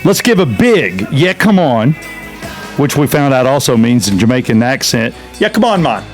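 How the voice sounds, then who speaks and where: A man's voice: medium pitch, expressive, moderate pace, faint music behind. A man hosting a podcast, joking and playful as he introduces a guest in casual chat. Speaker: podcast host.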